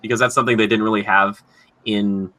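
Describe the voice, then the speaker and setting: A young man with a fairly low but bright, forceful voice co-hosts a casual podcast chat. He rambles with enthusiasm and fills his sentences with "like." His tone sounds eager and conversational. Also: level tone, fairly quick. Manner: rambling, enthusiastic, heavy use of "like". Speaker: podcast co-host.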